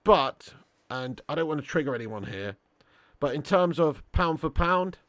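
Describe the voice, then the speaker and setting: A man's voice: fairly high pitch, expressive, normal speed, fairly bright tone, no room sound, studio quality. Laughing man bantering on a live stream. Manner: banter-heavy, laughs often, joking boasts. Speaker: football watch-along host. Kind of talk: live-stream chat reading super chats.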